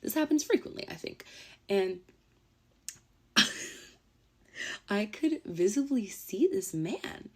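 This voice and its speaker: A woman's voice: medium pitch, sing-song, slow pace, pauses often, dark tone, slightly rough. A woman casually telling a dating story to camera in a playful, dramatic way.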